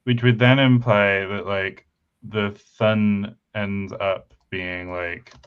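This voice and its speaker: A man co-hosting a casual chat, speaking hesitantly with many pauses and fillers. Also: on the low side, fairly even intonation, clear, resonant tone. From United Kingdom. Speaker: podcast co-host. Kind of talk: casual chat about language building. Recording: slightly dull lo-fi mic.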